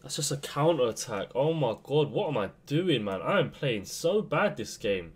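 A young man commentating his own football video game match, swinging between low muttering and sudden shouts. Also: moderate pace, husky. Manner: excitable, swings from muttering to yelling. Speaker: gaming youtuber. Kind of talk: live gameplay commentary.

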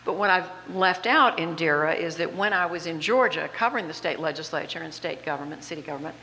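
A woman in her seventies with a faint Southern accent speaks low and fast as an honored guest in an on-stage interview. She tells animated, self-deprecating stories, laughing often. The hall is reverberant, with faint background noise.

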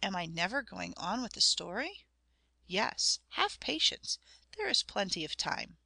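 A woman reading a story aloud as a narrator, in a measured storytelling manner that speaks to the listener. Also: mid-range voice, huge pitch swings, gravelly, sharp tone, slightly rough, no room sound. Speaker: audiobook narrator. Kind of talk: scripted narration.

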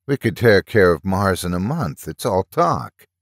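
A cocky young man brushes off danger in a dismissive tone, voiced by a male narrator. The voice sits low and the recording is dry. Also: sing-song, unhurried, no echo, exaggerated voice.

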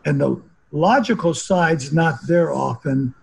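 Gravelly older man, philosophical rambler. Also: a little high, slow pace, poor audio. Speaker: hypnotherapist guest. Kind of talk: casual conversation.

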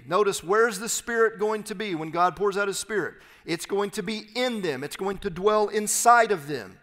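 Pastor guy with a high voice, reading scripture then unpacking it, echoey church. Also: fairly bright tone. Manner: reads scripture aloud, then explains it with emphatic, slowed phrases. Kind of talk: expository sermon. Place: church sanctuary.

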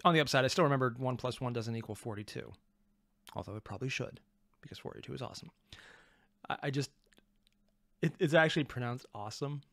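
A man hosting a reaction video, excitable and rambling, with self-deprecating asides, on a close mic. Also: medium pitch, fast talker, long pauses, dry recording. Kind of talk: reaction commentary.

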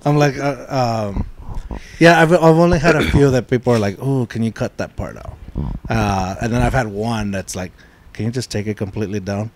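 A man's voice: on the low side, brisk. A man hosting a podcast in a casual chat, laughing often and talking with many fillers and restarts. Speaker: podcast host.

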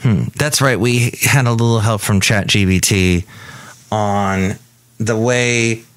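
A man's voice: fairly low pitch, takes it slowly, fairly bright tone, clear, resonant tone, no room sound. A man hosting his own podcast in a chatty, rambling, self-mocking way. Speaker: podcast host. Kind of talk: casual chat.

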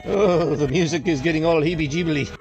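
A man's voice: on the high side, a little fast, dull audio, faint music behind, lightly acted. A man putting on the voice of a scared young male gamer in a horror game, nervous and whimpering with exaggerated fright. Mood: mock-scared.

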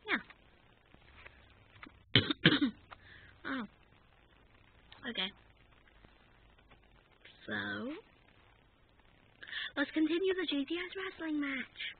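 Woman, high pitch, unhurried delivery; goofy action figure wrestling banter; tinny phone-quality audio. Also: animated, gravelly. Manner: goofy, rambling, bantering back and forth with itself. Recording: tinny phone-like recording with faint noise.

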